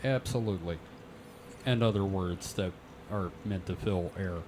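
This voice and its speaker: A man's voice: low voice, moderate pace, noisy background. Joking man swearing casually on a podcast. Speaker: podcast co-host. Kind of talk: casual chat.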